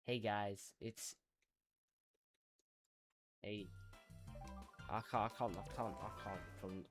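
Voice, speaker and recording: A young man streaming and chatting casually while gaming, laid-back and rambling, often restarting his sentences. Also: on the low side.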